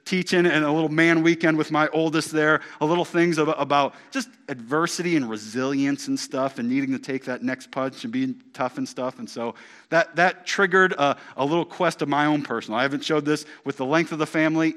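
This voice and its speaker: A middle-aged male pastor preaches an animated, emphatic sermon, repeating key phrases and swinging from loud to hushed. His voice is a little high and a little fast.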